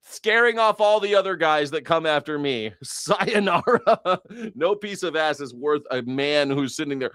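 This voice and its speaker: A man's voice: fairly high pitch, animated, a little slow, a bit bright, clean tone, no room sound, clean studio sound. An American man hosting a casual news commentary livestream, sarcastic and profane, laughing at his own jokes.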